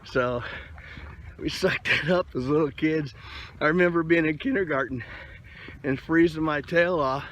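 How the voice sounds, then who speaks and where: A man's voice: fairly high pitch, unhurried, long pauses, fairly bright tone. A middle-aged man from Colorado talking casually while walking his dog in a park, rambling and folksy with plenty of fillers, recorded on a handheld phone. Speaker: vlogger leading a rucking group. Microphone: handheld phone camera. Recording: outdoor phone recording with background noise.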